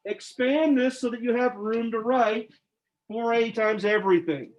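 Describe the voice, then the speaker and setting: A man's voice: very high voice, unhurried. A man teaching algebra to a class, informal and joking, quizzing his students as he works through problems. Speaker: math teacher. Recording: dull lo-fi classroom recording.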